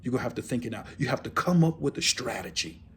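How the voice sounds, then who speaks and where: A man's voice: mid-range voice, animated, fast, slightly rough. A man giving a motivational speech as host, talking emphatically and repeating his key phrases for effect. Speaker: motivational speaker.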